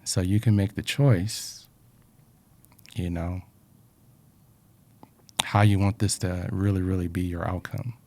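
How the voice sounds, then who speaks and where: Earnest low-voiced man reflecting. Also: fairly even intonation, slow, long pauses. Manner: earnest, repeats words, soft asides. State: emotional, dry throat. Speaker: speaker sharing life lessons. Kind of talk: reflective personal talk.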